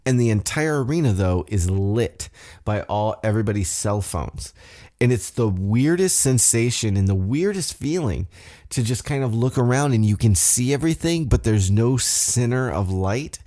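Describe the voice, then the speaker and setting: A man's voice: medium pitch, lively intonation, normal speed, mellow. A man hosting a solo podcast recap, talking casually in a rambling, profane, self-deprecating way. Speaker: podcast host.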